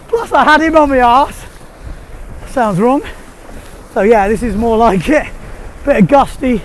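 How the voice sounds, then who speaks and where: A man giving casual, excitable running commentary while windsurfing outdoors on the sea, laughing often. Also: very high-pitched. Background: wind noise.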